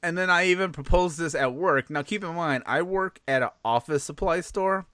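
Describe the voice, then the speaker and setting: A man's voice: on the high side, normal speed, a bit bright, dry recording, studio quality. Chicago-accented man, chatty and rambling. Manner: rambling, self-interrupting, laughs often. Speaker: podcast co-host. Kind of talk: casual chat.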